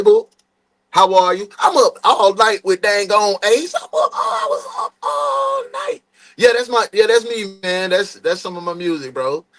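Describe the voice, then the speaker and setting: Animated young man hyping a live stream. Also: high-pitched. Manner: animated, hypes and shouts out chat viewers by name. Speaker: host of a live true crime reaction stream. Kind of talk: casual live-stream chat greeting viewers.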